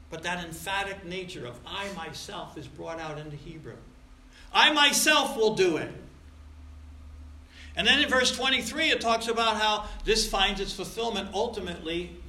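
A pastor preaching a sermon, emphatic, rising to loud stresses and dropping to quiet asides. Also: male voice, sits high, slight background noise. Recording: roomy echo.

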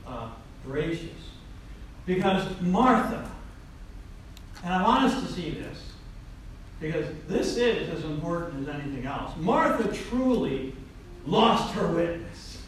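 A man preaching a sermon as pastor, emphatic and swinging between loud declarations and quiet asides. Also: on the high side, a little hiss or hum. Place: church sanctuary. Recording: very echoey, distant mic.

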